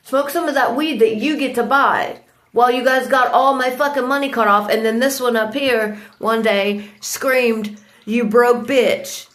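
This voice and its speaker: A woman's voice: fairly high pitch, normal speed, a bit bright. A woman delivering an angry, profane rant, accusing people around her. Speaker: vlogger.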